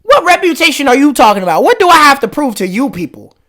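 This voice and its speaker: A man hosting a reaction video, giving loud, incredulous, slang-heavy comedic commentary. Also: extremely high pitch, very animated, fast.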